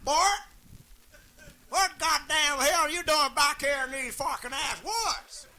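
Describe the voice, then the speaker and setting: A man voicing an angry backwoods hillbilly hunter who shouts and drawls. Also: very high voice, takes it slowly, voice pushed up, heavily acted. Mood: hostile.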